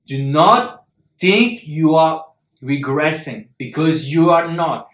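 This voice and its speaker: A man's voice: on the high side, lively intonation, takes it slowly, a bit bright. Earnest man coaching in an echoey room. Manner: earnest, repeats key words for emphasis. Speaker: self-help speaker. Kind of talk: motivational talk to viewers.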